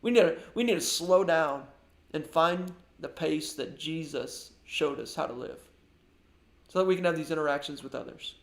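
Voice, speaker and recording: A male pastor delivers an earnest devotional sermon, his fairly high voice edged with gravelly fry. He often restarts and repeats words as he talks. The sound carries a noticeable echo from the room around him. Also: moderate pace.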